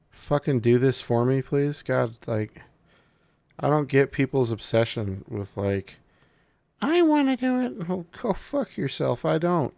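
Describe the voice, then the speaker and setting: With a gravelly mid-range voice, a man gives casual, profane unboxing commentary on a gaming mouse, joking excitedly with his viewers as a tech reviewer. The sound is clean studio quality with no echo.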